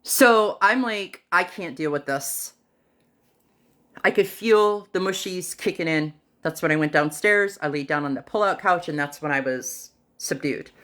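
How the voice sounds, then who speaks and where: A woman on a livestream telling a personal story casually and dramatically, pausing often, with fillers and acted-out quotes. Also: fairly low pitch, fairly bright tone. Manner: dramatic retelling that acts out other people's lines; unhurried, with pauses and fillers.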